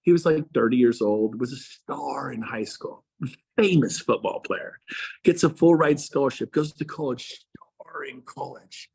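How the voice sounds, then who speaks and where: Husky, fired-up motivational speaker man. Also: medium pitch, measured pace, darkish tone. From Texas. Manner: emphatic and fired up, with rhetorical questions. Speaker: real estate coach speaking to agents. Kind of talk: motivational speech.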